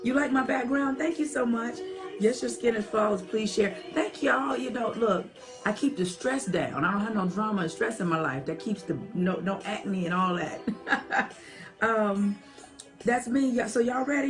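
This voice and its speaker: A woman hosting a late-night livestream from home, chatting softly and reading viewer comments aloud. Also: on the high side, normal speed. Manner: chatty, talks to viewers as y'all, soft half-whispered. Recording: faint music behind the voice. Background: old-school music playing.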